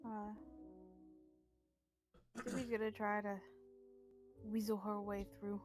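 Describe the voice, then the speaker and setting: A woman's voice: medium pitch, little pitch movement, slow pace, over music. Matter-of-fact woman playing a game. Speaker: player. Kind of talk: casual tabletop play.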